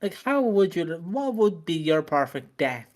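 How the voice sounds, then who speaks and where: A person co-hosting a casual podcast chat who talks haltingly with many fillers, swears, and muses aloud. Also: medium pitch, sing-song, darkish tone. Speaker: podcast co-host.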